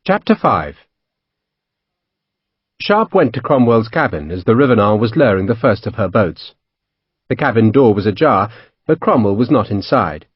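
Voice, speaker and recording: A man narrating an audiobook, with an animated, expressive delivery that moves freely up and down. The recording is dry and close, with a somewhat dull, muffled top end. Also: fairly low pitch, moderate pace, long pauses, husky, no room sound. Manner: expressive storytelling. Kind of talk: scripted narration.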